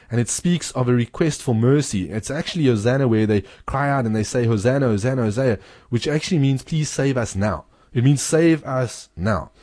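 A man's voice: mid-range voice, a little mellow, dry recording, studio quality. A man co-hosting a talk show, earnestly explaining scripture and quoting passages. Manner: earnest explaining, repeats key words, quotes scripture. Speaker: Bible teacher co-host. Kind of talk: teaching on scripture in a radio-style talk show.

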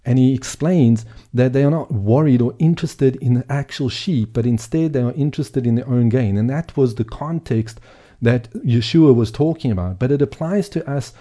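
A man's voice: medium pitch, moderate pace, dark tone. A man giving earnest Bible teaching, speaking emphatically and repeating phrases for emphasis.

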